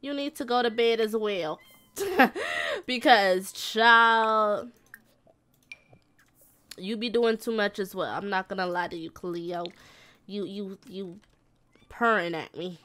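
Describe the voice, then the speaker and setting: A woman's voice: medium pitch, normal speed. A woman giving casual, slangy gameplay commentary, talking to her game characters like a mom scolding and cooing at her kids. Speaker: gaming video creator.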